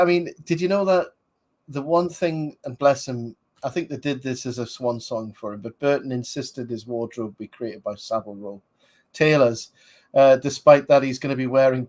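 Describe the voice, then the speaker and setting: A man's voice: mid-range voice, normal speed, darkish tone. A man, rambling casually as a podcast host reviewing a film, with many fillers. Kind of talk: casual movie commentary.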